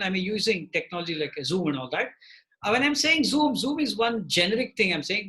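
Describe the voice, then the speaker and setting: Male trainer on a video call, fairly high and bright voice, keeps tagging "okay?" onto his points. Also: rough recording. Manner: repeats "okay?" to check in with participants. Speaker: presentation trainer. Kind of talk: live online training session. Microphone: computer mic on a video call.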